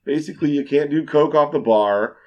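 A man's voice: a little high, a little fast, lo-fi sound. A man, a bartender guest on a podcast, telling a story in casual chat, acting out quotes and swearing freely.

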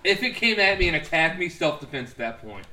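Podcast co-host, teasing man with a bright, raised voice. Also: a little high, sing-song, fast, slight background noise. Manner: teasing, laughing. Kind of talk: casual chat.

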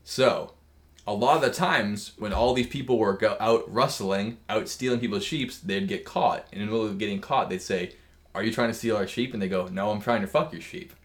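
A man's voice: fairly low pitch, brisk. A man co-hosting a casual podcast, cracking crude jokes and spinning long asides. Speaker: podcast co-host.

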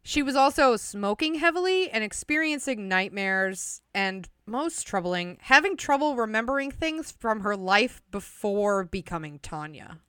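Reading from notes, this young woman co-hosts a casual true-crime podcast, dropping chatty asides and frequent laughter as she tells the case. She sounds animated, bright, and forceful at medium pitch, unhurried with hardly any pauses, in a clean, echo-free studio recording.

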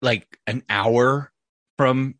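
A man's voice: mid-range voice, fairly even intonation, extremely slow, fairly bright tone, no echo. A man hosting a podcast in casual chat, joking and moving the talk along. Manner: joking, steers the conversation. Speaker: podcast host.

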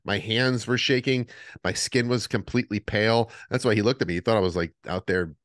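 A man with a lowish voice tells lively, animated stories in casual podcast chat. The sound is dry and close, with little room. He acts out the other people in his stories. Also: fairly quick, no echo. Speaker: podcast co-host.

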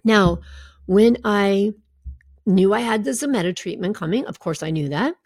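A woman's voice: mid-range voice, moderate pace, darkish tone, dry recording, clean studio sound. A middle-aged woman health coach talking candidly and conversationally, with asides to her listeners. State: recovering from a draining treatment. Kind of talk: casual personal talk to followers.

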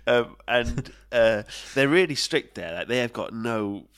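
A man's voice: medium pitch, expressive, a little slow, a bit bright, clear, resonant tone. A man co-hosting a podcast, chatting casually with rambling, sweary anecdotes while tired and jet-lagged. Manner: rambling anecdotes, swears a lot, laughs often. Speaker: podcast co-host. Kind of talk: casual chat.

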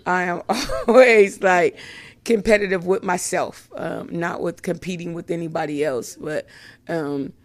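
A woman giving a slow, emotional personal faith testimony, with many pauses and fillers and frequent laughter. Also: fairly low pitch.

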